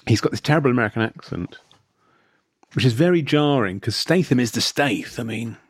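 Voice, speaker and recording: A man's voice: mid-range voice, animated, fairly quick, slightly rough, no room sound, studio quality. A man co-hosting a podcast, reviewing a film in casual chat, often repeating words, swearing and laughing. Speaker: podcast co-host.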